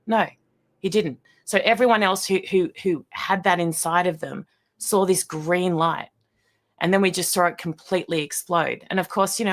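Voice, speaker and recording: Aussie woman, lowish voice, blunt and fired up, interview guest. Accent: Australian. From Australia. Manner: blunt, emphatic, outspoken. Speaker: guest, broadcaster. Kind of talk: impassioned interview answers.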